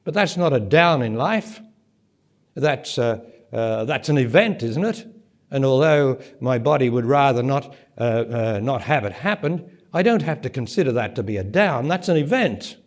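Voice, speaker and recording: A man delivers a spiritual talk to a live audience in a conference centre. His voice sits at an ordinary middle pitch. He presses his points with rhetorical questions and climbs to forceful, emphatic peaks. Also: lively intonation, moderate pace. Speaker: spiritual teacher.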